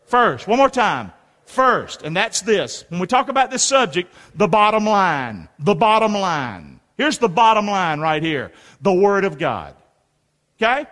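Preacher guy, really high bright voice, bouncing all over in pitch, asks the crowd stuff a lot. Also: a little slow. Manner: lively call-and-response preaching, rhetorical questions. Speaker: pastor. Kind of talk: sermon. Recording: long reverb of a large hall.

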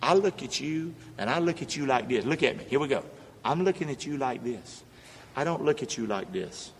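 A man's voice: mid-range voice, expressive, moderate pace, in a large hall, slight background noise. A man preaching a sermon in a church, urging the congregation to call back to him. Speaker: pastor. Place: church sanctuary.

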